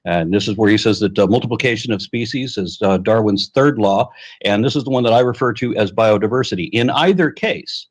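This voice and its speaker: A man explaining scientific concepts in a measured, academic way during a debate. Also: lowish voice, slightly rough. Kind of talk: debate argument.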